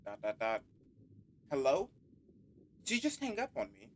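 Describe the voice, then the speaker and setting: A man's voice: mid-range voice, wildly swooping pitch, moderate pace. A man doing a sassy fire-elemental girl. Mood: indignant. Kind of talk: reading game dialogue aloud.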